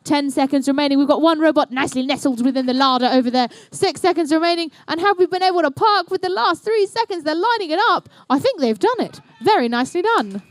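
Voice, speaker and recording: A woman's voice: sits high, lively intonation, fast, hardly any pauses, no room sound, studio quality. A young woman doing live, playful, chatty commentary at an indoor competition. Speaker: event commentator.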